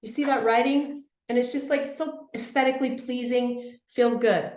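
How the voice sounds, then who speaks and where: A woman in her thirties or forties speaks to a live group with eager, emphatic energy, often repeating her phrases for effect. Her voice sits a little high. The room rings with a noticeable echo. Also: fairly even intonation, moderate pace, a little mellow. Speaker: workshop speaker. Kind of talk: live workshop talk to a group.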